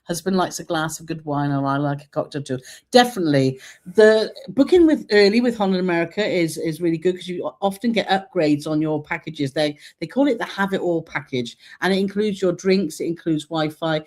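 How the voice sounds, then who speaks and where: A woman's voice: fairly low pitch, a little fast, a little mellow. A woman co-hosting a live travel stream, chatting and reading out viewer comments with frequent laughs. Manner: chatty, bubbly, laughs often.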